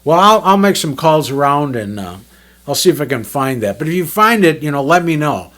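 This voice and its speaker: A man putting on a loud, jovial old bandleader. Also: on the high side, very animated, fairly quick, voice pushed up. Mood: earnest. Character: boisterous older male bandleader, hard-drinking, full of himself.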